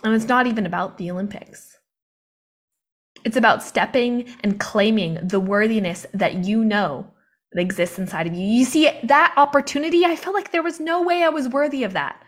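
A woman's voice: on the high side, moderate pace. A young woman in live online training mode, impassioned and confiding, talking into a video call mic and laughing often between points. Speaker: motivational coach.

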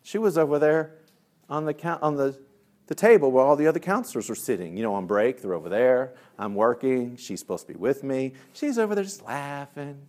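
A male discipline trainer giving a lively workshop talk, telling stories, acting out voices and laughing at his own jokes. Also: mid-range voice, brisk. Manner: lively storyteller who acts out voices.

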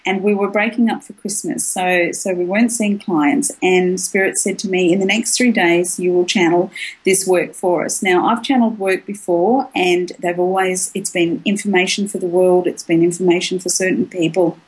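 A woman with a husky, breathy voice, pitched a little low. She speaks frankly and at length as an interview guest, telling her story with frequent laughter. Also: fairly even intonation, moderate pace, low-quality recording. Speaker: author and clairvoyant guest. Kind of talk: candid personal storytelling in an interview.

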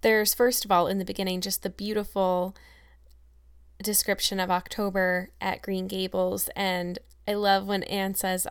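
A woman narrates a classic storybook in an even, medium-pitched voice. Afterward she talks about it in a thoughtful, appreciative way. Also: unhurried, clean tone. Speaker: audiobook reader and podcast host. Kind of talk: storybook narration and reflective commentary.

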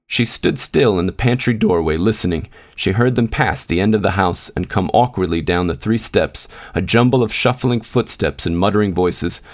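A man reading a short story aloud in a measured, unhurried narration. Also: fairly low pitch. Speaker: podcast host and reader. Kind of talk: scripted narration.

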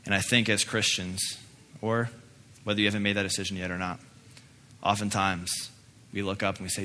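Earnest young male pastor, low-pitched and bright-toned, preaching in a reverberant hall. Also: level tone, brisk. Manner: earnest, with frequent emphatic repeats. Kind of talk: sermon with personal story and prayer. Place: church sanctuary. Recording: echoey hall, faint noise.

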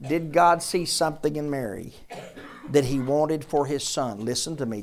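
A man's voice: a little high, normal speed, darkish tone, a little hiss or hum. A man pastor giving a conversational sermon in church, repeating his questions and drawing answers from the congregation. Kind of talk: interactive sermon.

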